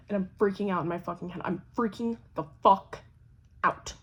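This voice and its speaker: A young woman telling a casual storytime vlog, swearing constantly and talking in a lively, animated way. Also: medium pitch, fairly quick, slightly rough. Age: young adult. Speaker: vlogger.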